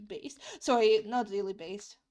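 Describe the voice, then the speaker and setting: A woman's voice: mid-range voice, steady tone, measured pace, darkish tone. A young woman streaming as she draws, chatting in a rambling way. She repeats herself and swears casually, and English is not her first language. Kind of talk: casual chat while drawing.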